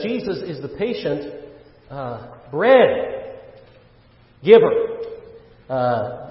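Guy preaching a sermon, kinda high voice, lots of uh's, big echoey church sound, muffled recording. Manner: earnest preaching, rhetorical questions, frequent "uh" fillers. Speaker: pastor. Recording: dull, roomy church recording with long reverb.

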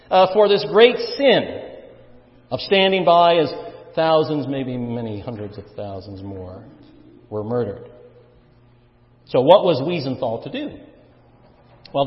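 Emphatic preacher man in an echoey hall. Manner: emphatic preacher, swinging between loud stresses and quiet low asides. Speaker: pastor. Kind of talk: sermon. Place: church sanctuary. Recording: echoey church hall, dull sound.

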